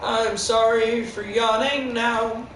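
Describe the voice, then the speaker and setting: A game streamer giving rambling, playful live-stream commentary with sudden squeaky outbursts. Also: little pitch movement, slow, fairly bright tone. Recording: echoey room with background noise.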